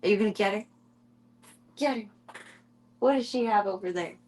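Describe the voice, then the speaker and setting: Young woman streaming, baby-talking her kittens, giggly and sweet, mid pitch. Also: very fast, darkish tone, slight background noise. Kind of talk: casual chat with her cats.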